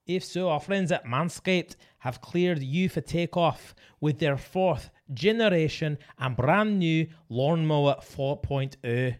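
A man's voice: fairly high pitch, slow, few pauses. A man putting on a mock Scottish accent to play a hammy ad announcer in a comic sponsor read. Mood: playful.

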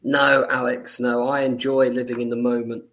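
A man's voice: mid-range voice, flat delivery, moderate pace, a bit bright. A middle-aged man co-hosting a casual podcast, laid-back and given to chuckling asides. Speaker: podcast co-host. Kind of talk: casual chat.

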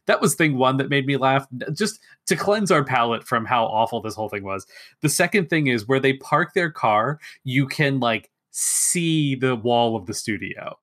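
A man's voice: medium pitch, normal speed. A man co-hosting a podcast, casually retelling scenes from an old film and acting out lines from them. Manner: relaxed retelling, acts out quotes from scenes. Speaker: podcast co-host.

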